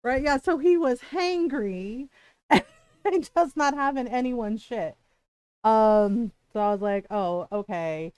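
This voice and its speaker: Woman, game streamer, casual chat at home, animated storytelling, swears freely, high voice, dry close sound. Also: slow pace, clear, resonant tone, dry recording. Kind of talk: casual chat while gaming.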